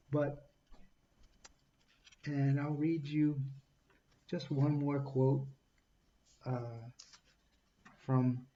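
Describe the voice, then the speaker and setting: A man talking casually through a book review, halting often with fillers and restarts and reading quotes aloud. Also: mid-range voice, warm tone, highs cut off.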